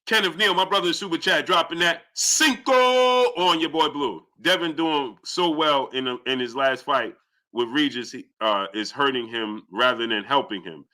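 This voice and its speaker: Young male boxing streamer, sharp bright tone, heated and combative with chat. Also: moderate pace. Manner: heated, argumentative, rising pitch when indignant. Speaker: boxing channel host. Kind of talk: live-stream commentary.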